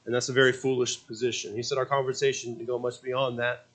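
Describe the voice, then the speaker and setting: A man preaching at a church service, reading an account aloud, halting with frequent restarts and questions to the congregation. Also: mid-range voice, flat delivery, a bit bright, slightly rough, rough recording. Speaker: pastor.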